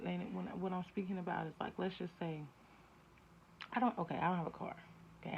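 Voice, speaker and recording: A woman's voice: on the low side, gravelly. A woman giving a casual spiritual tarot reading, talking bluntly and profanely, and she often builds into heated rants. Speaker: spiritual reader. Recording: dull lo-fi audio, faint hiss.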